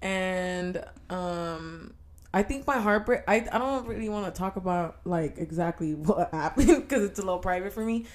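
Young woman with a lower voice, teasing and frank, chatting with her friend. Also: moderate pace, a little mellow. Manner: teasing, laughs often, frank. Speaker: podcast co-host. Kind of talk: candid casual chat.

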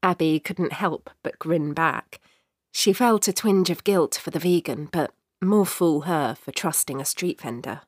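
A woman narrating a short story in a measured, expressive way. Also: deep voice, breathy edge, no echo, clean studio sound.

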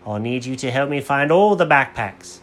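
A man's voice: mid-range voice, lively intonation, normal speed, fairly bright tone, close to an everyday voice. Jenkins, a man doing an exasperated dog owner. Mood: earnest. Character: flustered man who lost his backpacks.

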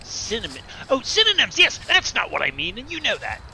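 A man voicing an excitable, naive male demon who stammers and gets easily distracted in an audio drama. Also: sits high, brisk, vocal fry, slight background noise, exaggerated voice. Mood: nervous excited.

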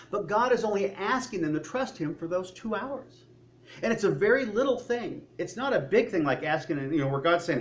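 A man preaching a sermon, acting out the voices of worried people and of God as he goes. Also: high voice.

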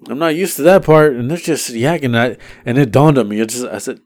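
Animated storytelling man, dry sound. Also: mid-range voice, brisk, few pauses, no room sound. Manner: animated, acts out passengers' lines in raised voices. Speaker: podcast co-host telling a rideshare driving story. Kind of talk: casual storytelling chat.

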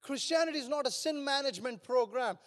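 An older man preaching a passionate sermon as a pastor, building at times to shouts. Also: very high-pitched, lively intonation, quick pace. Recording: long hall reverb.

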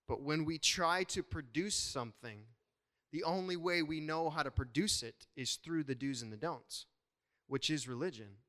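A man preaching a sermon to his congregation as their pastor, in an animated, conversational way with playful asides. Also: fairly high pitch, moderate pace, in a large hall.

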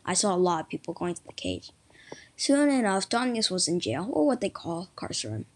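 A woman's voice: on the low side, a little fast. A woman reading a story aloud, lifting her voice for the quoted lines. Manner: lively read-aloud delivery, raising voice for quoted lines.

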